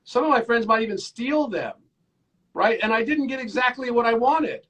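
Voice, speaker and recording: A gloomy little boy frets over everything in a raised, slightly husky voice, as a man puts him on while telling a story. The voice sits high for a grown man. It is light, storytelling play-acting rather than a full character. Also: moderate pace, a bit bright. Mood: worried. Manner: complaining, fretful. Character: whiny pessimistic five-year-old boy.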